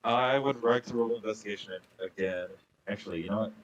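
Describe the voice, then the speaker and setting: A man's voice: on the low side, fairly quick, highs cut off. A man playing a tabletop role-playing game, asking the game master short questions and declaring his rolls. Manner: brief, questioning replies. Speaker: player.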